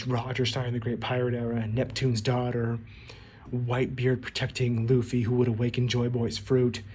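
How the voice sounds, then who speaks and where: A man's voice: mid-range voice, darkish tone, a little hiss or hum. A man giving casual video commentary on an anime, rambling and restarting his words as he acts out quotes.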